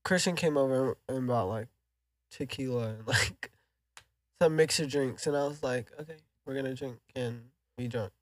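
A man's voice: medium pitch, normal speed, dry recording, clean studio sound. A young man chatting casually on a podcast, rambling with lots of fillers. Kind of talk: casual chat.

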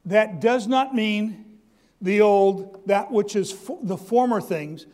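A man's voice: sits high, lively intonation, slow pace, a little mellow. A man preaching a sermon who calls out to his congregation for response, stumbles through restarts and repeats his key lines. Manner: stammering restarts.

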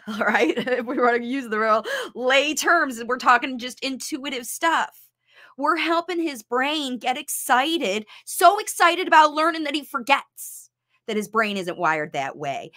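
A woman hosting her channel, answering parents' comments in casual talk, excitable and emotional. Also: high-pitched. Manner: emotional, excitable, gets teary. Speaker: channel host, speech coach for parents.

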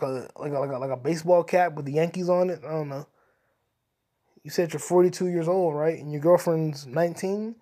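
A man's voice: fairly high pitch, warm tone. A man hosting an improvised comedy podcast, rambling and swearing. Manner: rambling, profane, absurd. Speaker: podcast host.

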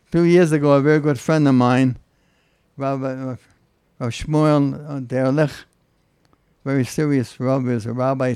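Gravelly older rabbi telling a story. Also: male voice, fairly high pitch, dark tone, dry recording. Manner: storytelling, emphatic rhetorical questions. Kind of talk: conversational interview.

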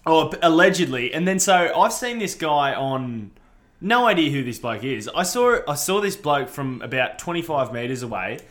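A man's voice: fairly high pitch, sing-song, normal speed, a bit bright. An Australian man telling a story in casual chat with his co-host, laughing often and slipping into slang. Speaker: podcast co-host.

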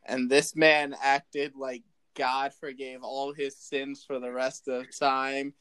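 A man in casual chat, telling a story in a lively way and acting out the voices of the people in it. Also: medium pitch, slow, smooth. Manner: lively, acts out quoted voices. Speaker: storyteller recounting a school memory.

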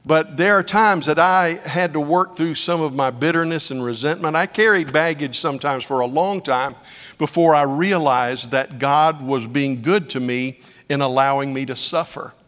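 A middle-aged man preaching a sermon, telling stories with dramatic swings from hushed tones to loud cries. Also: on the high side, normal speed, big-room sound.

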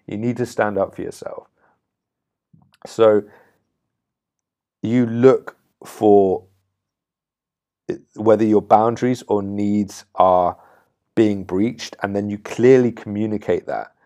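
A man giving firm, blunt coaching advice to camera, swearing freely and now and then demonstrating a low, clipped, intense tone. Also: fairly even intonation, takes it slowly, pauses often, mellow. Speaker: confidence coach. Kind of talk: direct-to-camera advice talk.

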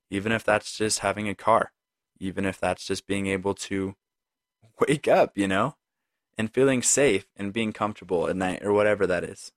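A man's voice: on the low side, a bit bright, no echo, studio quality. A man hosting a solo podcast, talking earnestly and conversationally straight to the listener. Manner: conversational, with frequent "right?" and "like". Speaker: podcast host. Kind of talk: reflective solo podcast talk.

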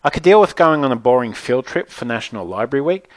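A man reading a chatty, first-person storybook aloud with lively, animated delivery. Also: mid-range voice, fast, dry recording. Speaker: narrator.

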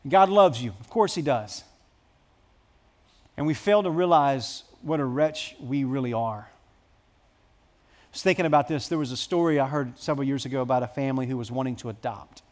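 A man preaching a sermon to his church, telling a story with dramatic swings between hushed and loud. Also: mid-range voice, a little fast. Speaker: pastor.

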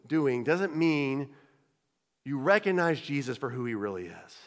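A man's voice: mid-range voice, expressive, moderate pace. A man preaching a conversational sermon as pastor of his church, often repeating and restarting phrases. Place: church sanctuary. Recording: long hall reverb.

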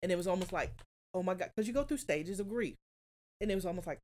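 A woman's voice: on the low side, fast talker, darkish tone. A woman telling an emotional personal story as a guest, earnest and confessional, close to tears. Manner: earnest, confessional, often quotes herself.

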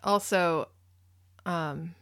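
A woman's voice: on the low side, very slow, fairly bright tone. A woman co-hosting a casual podcast chat, adding examples and pushing back on points. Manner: chatty, adds examples and objections. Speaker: podcast co-host.

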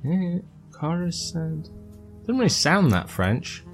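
A man's voice: on the low side, moderate pace, faint music behind. A man hosting a casual podcast, joking and rambling as he introduces his guest. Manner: playful, rambling, jokey. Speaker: podcast host.

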